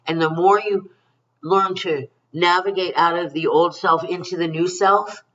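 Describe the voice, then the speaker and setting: A woman's voice: lowish voice, fairly even intonation, a little slow, background noise. Middle-aged woman psychic, affectionate and rambling, dull slightly distant audio. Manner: rambling, emphatic and affectionate, calls listeners honey and you guys. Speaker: psychic card reader. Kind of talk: spiritual card reading to camera.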